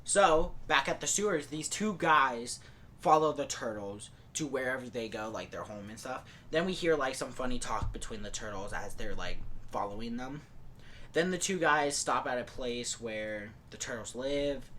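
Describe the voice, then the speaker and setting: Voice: medium pitch, animated, moderate pace, sharp tone, slight background noise. Rambling podcaster retelling a plot. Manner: rambling, loose with fillers like "like" and "and stuff". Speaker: podcast host.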